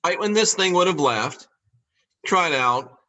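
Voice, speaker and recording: A man's voice: fairly high pitch, animated, sharp tone. Emphatic man asking rhetorical questions. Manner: slows and stresses key words. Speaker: podcast host. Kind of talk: monologue on scripture.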